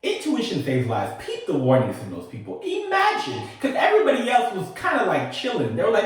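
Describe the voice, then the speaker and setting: A man tells his own story in a casual, sassy way, with laughing asides and a pitch that leaps high for emphasis. His voice sits a touch high and lively. He sounds set back from the mic in a strongly echoing room. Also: brisk, far from the mic. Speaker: storytelling host.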